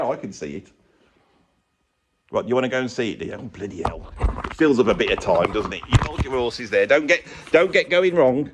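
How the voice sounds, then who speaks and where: Sarcastic rambling man. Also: medium pitch. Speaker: YouTuber and drummer. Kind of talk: opinionated ranting vlog. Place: room with bare brick walls, indoors.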